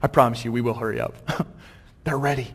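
Animated preacher in an echoing hall. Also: male voice, mid-range voice, brisk, slightly rough. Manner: animated, acts out the scenes in voices. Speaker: pastor. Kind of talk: sermon. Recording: long hall reverb, church.

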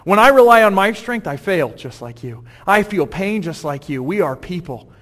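A man's voice: high voice, lively intonation, moderate pace, bright, forceful tone. A man voicing a humble apostle who pleads earnestly and repeats each phrase. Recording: long hall reverb.

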